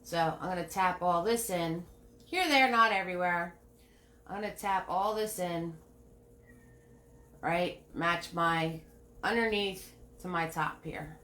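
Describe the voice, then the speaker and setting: A woman's voice: on the low side, slow, pauses often, fairly bright tone. A woman giving a live painting lesson, chatting with viewers by name and repeating each step with a frequent "right?". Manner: repeats steps, asks "right?" often. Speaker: painting instructor.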